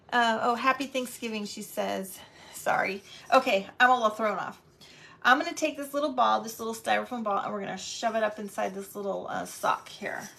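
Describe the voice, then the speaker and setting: A middle-aged woman hosting a live crafting stream, chatting warmly and greeting viewers by name as she works. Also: on the high side. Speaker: crafting livestream host.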